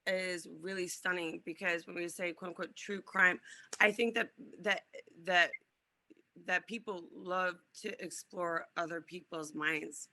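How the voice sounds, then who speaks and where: A woman with a low-set but very bright, ringing voice, answering on a press panel. She talks earnestly, circling through fillers as she searches for the right words.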